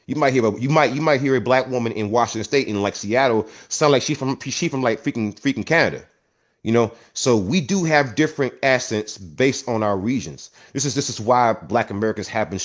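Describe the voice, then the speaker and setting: A man with a South Carolina accent hosting a casual online panel, talking animatedly and often repeating words as he restarts. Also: medium pitch. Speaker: host. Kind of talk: casual live audio panel talk.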